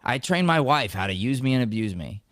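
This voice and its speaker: A man's voice: medium pitch, brisk, no echo, clean studio sound. A man in his thirties hosting a podcast, chatting casually and acting out the lines of people in his stories. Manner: animated storyteller acting out quoted lines. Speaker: podcast host. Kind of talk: casual talk on acting and life.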